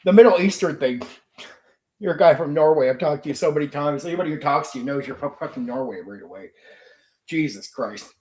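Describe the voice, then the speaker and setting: A man's voice: on the high side, animated, fairly quick, darkish tone, roomy sound. A middle-aged man hosting a casual live chat, venting bluntly and swearing heavily. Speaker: channel host. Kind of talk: casual ranting livestream chat.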